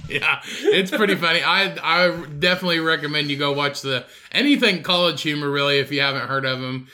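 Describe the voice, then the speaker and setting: A man's voice: on the high side, fairly quick, few pauses, bright, forceful tone. A young man hosting a casual podcast, telling rambling, profane stories. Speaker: podcast host. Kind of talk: casual chat.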